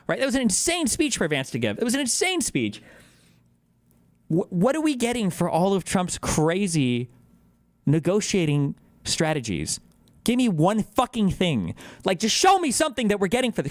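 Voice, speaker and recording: A man's voice: high-pitched, very animated, no room sound. A man streaming, reacting to clips with a casual, profane, sarcastic political rant. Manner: profane, fast-shifting, sarcastic.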